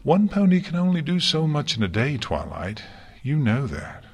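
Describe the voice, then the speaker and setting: A man voicing a calm regal pony princess. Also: a little high, normal speed, gravelly, husky, pitched above the performer's own voice, full character voice. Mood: calm, fond. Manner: calm, warm, stately. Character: gentle, regal female pony princess, teasing. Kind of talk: audiobook reading.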